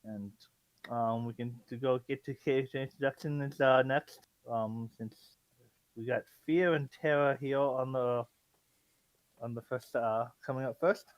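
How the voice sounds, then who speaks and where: A man's voice: medium pitch, steady tone, unhurried, dry recording, lo-fi sound. A man acting as dungeon master on an online call, talking in a rambling, hesitant way with many fillers. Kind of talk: casual chat.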